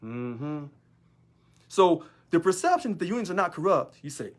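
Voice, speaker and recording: A man's voice: a little high, very animated, moderate pace. A man, a union local leader, talking in a sarcastic monologue full of rhetorical questions. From United States. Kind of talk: casual monologue video.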